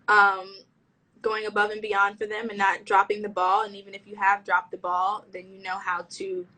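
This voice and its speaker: A woman's voice: medium pitch, level tone, moderate pace, sharp tone, poor audio. A woman stylist chatting casually in an interview over a video call, slangy and full of restarts. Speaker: fashion stylist.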